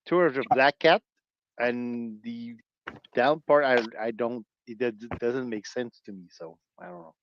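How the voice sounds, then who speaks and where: A man's voice: medium pitch, unhurried, slight background noise. A man with a French Canadian accent co-hosting a casual livestream chat, teasing and dropping into French. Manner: teasing, lively, switches into French. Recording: dull, dry lo-fi stream audio.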